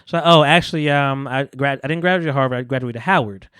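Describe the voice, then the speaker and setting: Fast-talking man recapping a movie. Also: mid-range voice, clean tone, no room sound, studio quality. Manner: animated, acts out characters' lines in quick voices. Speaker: podcast co-host. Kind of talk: casual chat, recapping a movie. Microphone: studio podcast mic.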